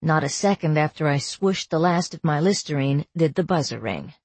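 A woman narrating a first-person novel as an audiobook, in a measured, wry storytelling manner. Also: low voice, animated, darkish tone, dry recording.

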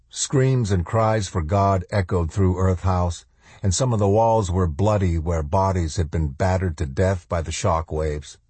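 A man narrating an audiobook in a measured, dramatic storytelling manner. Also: sits low, warm tone, breathy edge, no echo. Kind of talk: scripted narration.

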